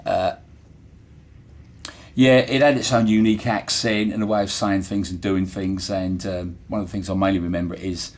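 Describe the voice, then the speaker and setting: A middle-aged former dockyard worker from Portsmouth, England, speaks in a low voice with a level tone at a moderate pace. He has a Portsmouth accent, and in this casual interview he sounds earnest and reflective. He uses frequent fillers and restarts.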